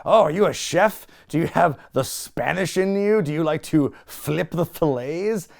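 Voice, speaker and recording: A man doing an impression of an erratic older male wrestler, swinging from hushed to manic. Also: on the high side, a little slow, gravelly, voice pushed up. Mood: mocking. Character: erratic older male wrestler host, calm then wild.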